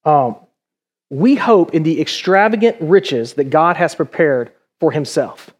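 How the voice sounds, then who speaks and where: A man's voice: on the high side, expressive, measured pace. A middle-aged male pastor preaching a conversational sermon in a church, full of rhetorical questions.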